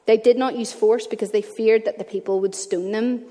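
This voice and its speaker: A woman's voice: a little high, steady tone, moderate pace, warm tone. A woman preaching a sermon in an earnest, conversational way, mixing Bible reading with personal stories. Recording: long reverb of a church hall.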